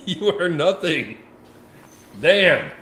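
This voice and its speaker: A man chatting as a panel guest, telling joking stories in an animated, casual way. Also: high voice. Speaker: panel guest, delivery driver and mobile notary. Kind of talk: casual storytelling chat. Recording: echoey room with faint noise.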